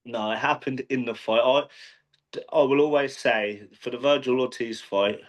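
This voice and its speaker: A man in a casual interview, speaking at an ordinary mid pitch. He rambles through his story with fillers and restarts. His tone is plain and conversational. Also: fairly even intonation, normal speed. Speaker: professional boxer, interview guest.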